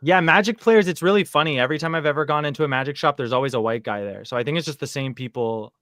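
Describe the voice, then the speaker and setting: A man's voice: fairly high pitch, fast, fairly bright tone, dry recording, studio quality. A man chatting casually as a podcast guest, rambling with lots of fillers and restarts. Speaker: guest living in Japan.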